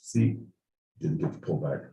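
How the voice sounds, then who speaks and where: A man's voice: rumbling low, animated, unhurried, creaky, recorded from a distance, crowd noise. A man co-hosting a casual podcast, ranting in mock outrage with lots of swearing. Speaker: podcast co-host. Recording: echoey room with faint noise.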